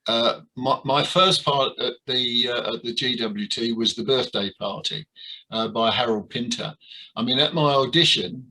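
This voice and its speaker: An older man being interviewed about his years in amateur theatre, talking with many pauses, fillers and restarts. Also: mid-range voice, bright, forceful tone, low-quality recording. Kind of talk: reminiscing interview.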